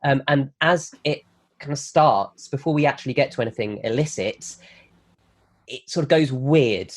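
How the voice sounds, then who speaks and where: A guest on a comedy podcast pitches a film plot, telling it as an animated story. He talks quickly and acts out the characters' lines.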